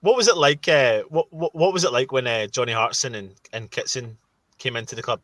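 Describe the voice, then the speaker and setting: Bright-voiced male host, distant dry mic. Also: medium pitch, brisk, no room sound. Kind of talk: interview questions.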